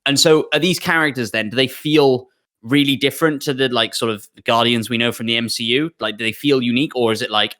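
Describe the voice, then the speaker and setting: A man's voice: medium pitch, quick pace, a bit bright. A man co-hosting a casual gaming chat, asking curious, probing questions. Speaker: interviewer, co-host.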